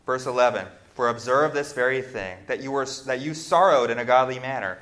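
A man preaching a Bible lesson, reading scripture aloud and then explaining it, building emphatic lists and pausing on fillers as he thinks. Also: medium pitch, very animated, fairly bright tone. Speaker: preacher teaching on repentance. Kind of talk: Bible class sermon. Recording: echoey room.

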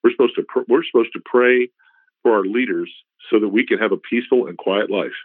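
A man's voice: lowish voice, a little fast, no echo. Casual middle-aged guy teaching scripture, lots of "you know"s, sounds like thin lo-fi radio. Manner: informal, repeats "you know", restarts phrases. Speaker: Bible teacher. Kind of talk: conversational Bible teaching. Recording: tinny phone-like radio recording, dry.

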